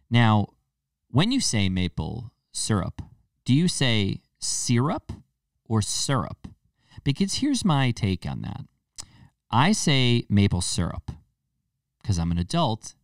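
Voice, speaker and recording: A young man with a New England accent hosts a casual comedy podcast, his lowish voice carrying vocal fry and a clear, resonant tone. He rambles through profane, jokey rants that suddenly spike in volume, recorded in a clean studio with no room sound but from a distant mic.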